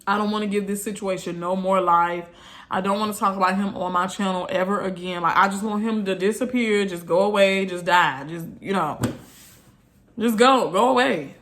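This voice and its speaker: A woman's voice: mid-range voice, normal speed, a bit bright. A woman vlogger, venting bluntly and repeating herself in an exasperated rant to her viewers.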